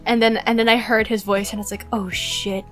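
A woman's voice: a little high, little pitch movement, quick pace, fairly bright tone, soft background music. A young woman from Malaysia co-hosting a podcast, chatting casually and gushing as a fan, with frequent giggles. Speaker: podcast co-host. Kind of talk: casual chat.

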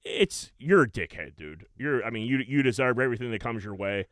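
A young man hosting a casual chat, telling stories in an animated way and swearing a lot. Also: mid-range voice, a little fast, no echo, studio quality. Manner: animated storytelling, heavy swearing and "dude".

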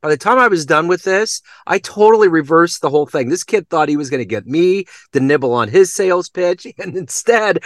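A man hosting a podcast interview, telling stories with enthusiasm and lively quoting. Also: a little high, moderate pace, hardly any pauses, no echo, studio quality. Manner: enthusiastic storyteller, animated quoting. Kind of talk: casual interview chat.

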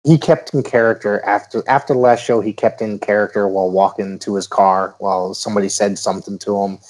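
Podcast host guy, kinda low voice, easygoing and chatty. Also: steady tone, brisk, a little mellow. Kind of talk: casual podcast chat.

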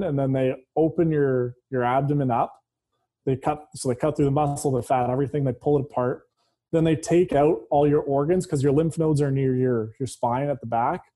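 A man speaking as a guest in a casual conversation, open and matter-of-fact, with a dark sense of humor. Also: mid-range voice.

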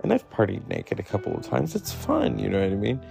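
A man in his forties talking in a rambling solo monologue, swearing and mocking himself, jumping high when he quotes himself. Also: huge pitch swings, fairly quick, gravelly, dark tone, soft background music. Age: 40s. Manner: swearing, self-mocking, jumps between topics.

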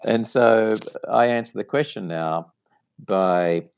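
A man's voice: on the low side, slow, vocal fry, a little mellow, clear, resonant tone, muffled recording. A man with a non-American accent, a business guest explaining his company in an interview, telling stories with examples. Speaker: franchise executive guest.

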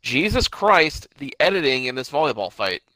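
A man's voice: mid-range voice, sing-song, moderate pace, sharp tone, no room sound. A man co-hosting a casual chat about a TV show, laid-back, with short replies and asides. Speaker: podcast co-host.

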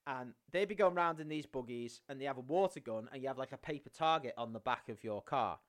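A man telling stories in casual podcast chat, animated and swearing a lot, acting out scenes. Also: mid-range voice, fast. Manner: animated storytelling, swears often, acts out scenes. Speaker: podcast co-host.

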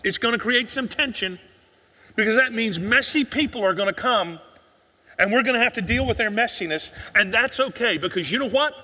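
A man preaches to his congregation in a high, ringing voice. He leans on rhetorical questions and drops nearly to a whisper to press a point home. His voice carries through the long echo of a large church sanctuary. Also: expressive, a little fast, bright, forceful tone. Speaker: pastor. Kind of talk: sermon.

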